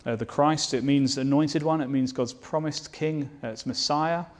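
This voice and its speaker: A man's voice: fairly high pitch, steady tone, normal speed. A man preaching a sermon, earnest and fervent, asking the listeners rhetorical questions. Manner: earnest, rising to fervent declarations.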